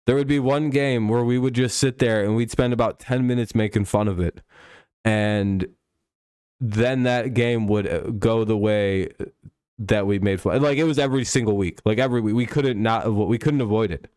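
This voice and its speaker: A man with a low, smooth voice chats casually about football games. He rambles through jokes and swears freely. The sound is close and dry, with no room echo. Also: normal speed, a little mellow. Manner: joking, rambling, swears often. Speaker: sports streamer. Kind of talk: casual NFL preview chat.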